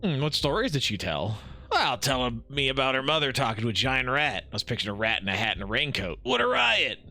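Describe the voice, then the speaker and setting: A man streaming a game live, reading the dialogue aloud with quick asides and frequent laughs. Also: medium pitch, lively intonation, sharp tone, faint music behind.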